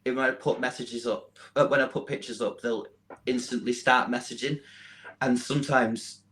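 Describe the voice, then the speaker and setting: A man's voice: medium pitch, steady tone, moderate pace, fairly bright tone. A man with a Mancunian accent chatting as a podcast guest, giggly and self-deprecating, laughing often. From Manchester, England. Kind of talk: casual chat.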